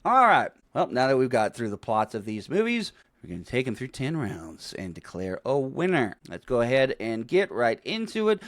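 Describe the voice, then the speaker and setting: A man's voice: mid-range voice, sing-song, moderate pace, no room sound. A man co-hosting a movie podcast, recapping the plot in casual chat with lots of swearing and laughter. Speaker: podcast co-host.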